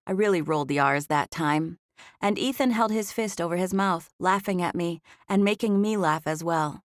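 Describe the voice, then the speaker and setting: A woman narrating a romance audiobook in the first person, with expressive storytelling. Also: fairly low pitch, moderate pace, no echo, clean studio sound.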